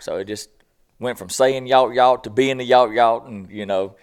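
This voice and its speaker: A man with a Southern US accent, a podcast guest, hoarse, telling stories in a slow, laid-back drawl. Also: mid-range voice. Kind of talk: casual chat.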